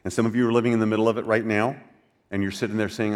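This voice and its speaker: A man's voice: on the low side, little pitch movement, racing. Conversational older male pastor. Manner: conversational, asks the audience questions, drops to soft quiet passages. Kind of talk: sermon.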